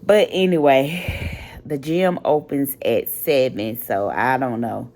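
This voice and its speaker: Tired woman vlogger, unusually deep voice, frank and venting, phrases trailing off. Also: slow pace, a little mellow. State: tired and sleepless. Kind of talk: casual late-night vlog talk.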